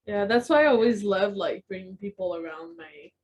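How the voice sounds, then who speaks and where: A woman's voice: medium pitch, moderate pace, darkish tone. A woman from Quebec co-hosting a podcast, chatting casually and laughing easily. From Quebec, Canada. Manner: laughs easily, short reactions. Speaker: podcast co-host. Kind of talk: casual chat.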